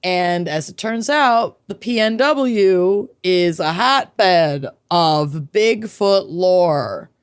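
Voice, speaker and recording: Chatty woman podcast co-host, slow and lower. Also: expressive, clean tone, dry recording, clean studio sound. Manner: chatty, playful, drawn-out emphasis. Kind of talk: casual chat.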